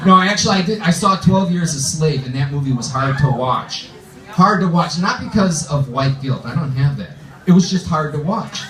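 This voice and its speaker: Laughter and shouts from a loud crowd fill this roomy, off-mic club recording of a man doing stand-up. His slightly high voice is expressive and moves at normal speed as he shares self-deprecating stories conversationally.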